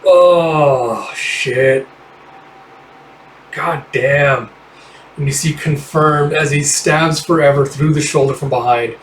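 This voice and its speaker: A man narrating a comic readthrough, excitable and reacting aloud with swearing as he goes. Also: on the high side, slow pace. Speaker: reader. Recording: roomy, distant mic, faint hiss.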